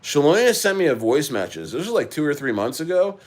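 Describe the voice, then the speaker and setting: A man hosting a casual crypto livestream, rambling with many halting restarts as he answers his chat. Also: fairly high pitch, very animated. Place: living in Chile.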